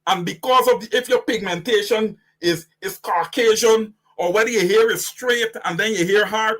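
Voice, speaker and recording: A man's voice: high-pitched, moderate pace, few pauses, a bit bright. A man with a Guyanese accent hosting impassioned political commentary, preaching fiery direct address to his audience. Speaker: host.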